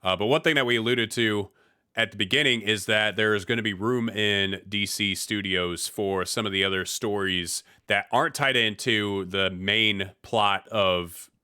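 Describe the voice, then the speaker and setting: A man's voice: lowish voice, normal speed, pushed and bright, clear, resonant tone, no room sound, clean studio sound. A man from the US Midwest hosting a podcast in casual chat, laid-back with slang and frequent restarts. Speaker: podcast host.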